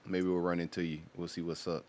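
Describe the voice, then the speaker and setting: A man's voice: low voice, level tone, fast talker, a little mellow. A man hosting a sports podcast, talking in a laid-back, slangy way about football and nightlife. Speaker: podcast host. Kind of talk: casual sports chat.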